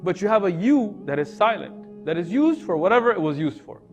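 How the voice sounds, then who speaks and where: High-voiced man explaining to an audience. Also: a little fast, dull audio, over music. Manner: asks the audience questions, lively emphasis. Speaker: Muslim speaker teaching non-Muslims.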